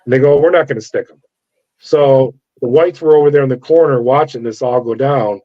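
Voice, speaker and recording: A man's voice: mid-range voice, a little fast. Big-voiced storyteller man, acting out dialogue. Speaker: former corrections officer. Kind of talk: storytelling interview. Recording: dull lo-fi sound.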